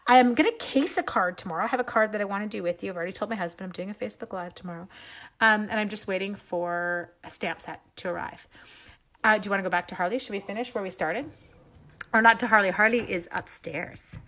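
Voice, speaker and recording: A woman's voice: mid-range voice, fast talker. A woman from Canada hosting a live card-stamping stream, chatting as she works and thanking viewers by name. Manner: chatty, warmly addresses viewers as "my dears". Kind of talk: live craft demo chat.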